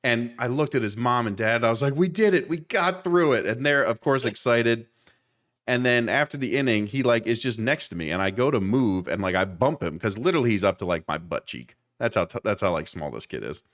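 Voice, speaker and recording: Low-voiced joking man. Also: fairly quick. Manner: animated, joking storyteller. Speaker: podcast co-host; youth baseball coach. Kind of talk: casual chat.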